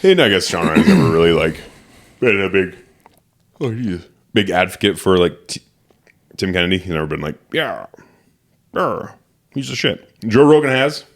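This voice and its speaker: Co-host, young adult man, very low voice, loose and profane, acts out quotes. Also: sing-song, fairly quick, pauses often. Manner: swears freely, acts out quotes. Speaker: podcast co-host. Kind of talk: casual chat.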